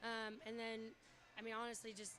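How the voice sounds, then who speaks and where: A woman's voice: medium pitch, fairly even intonation, quick pace, fairly bright tone, faint music behind. A woman volleyball coach in a post-game interview, out of breath and talking casually with many fillers.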